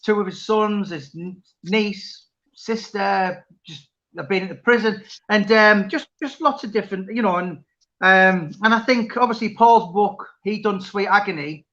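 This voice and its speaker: High, bright-voiced man on a lo-fi call. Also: a little slow. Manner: rambling, many restarts. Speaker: interviewer and author. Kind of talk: casual chat.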